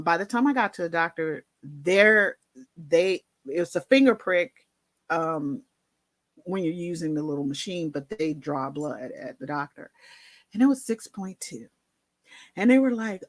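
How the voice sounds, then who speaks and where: A woman's voice: low-pitched, expressive, a little slow, no room sound. A woman telling a personal story in a candid, conversational way, with many fillers and asides. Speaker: vlogger.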